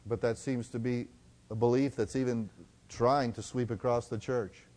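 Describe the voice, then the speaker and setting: A male preacher giving a sermon, swinging between loud exhortation and hushed tones and slowing down to read scripture. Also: medium pitch, steady tone.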